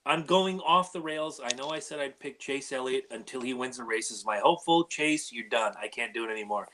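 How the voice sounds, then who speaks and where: Man, podcast co-host, casual chat, opinionated, forceful bright tone. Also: medium pitch. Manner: chatty, opinionated storyteller.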